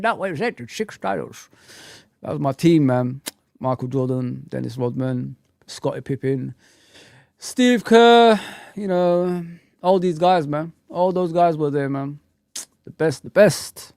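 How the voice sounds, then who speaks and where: A man hosting a casual livestream chat, talking in an animated, rambling, slangy way. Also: a little high, gravelly, no room sound, clean studio sound. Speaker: host.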